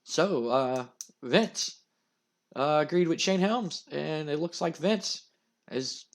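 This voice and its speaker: Man, casual game commentary, excitable, slightly high voice. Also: slow pace. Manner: casual, excitable, hesitant fillers. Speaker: gamer narrating a wrestling sim.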